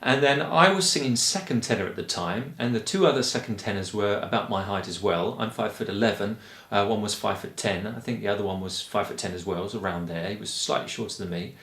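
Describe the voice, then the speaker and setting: A man from England with a Kent accent, a choir director explaining singing in a relaxed, rambling way with frequent ums. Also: on the low side, fast, creaky, echoey room. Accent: Kent English. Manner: chatty and rambling, with frequent ums and light laughs. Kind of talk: relaxed spoken lesson.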